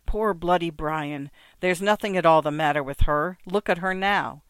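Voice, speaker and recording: A man's voice: a little high, normal speed, fairly bright tone, clean tone, dry recording, lightly acted. A man voicing a scornful, unsympathetic woman who mutters with contempt. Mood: contemptuous.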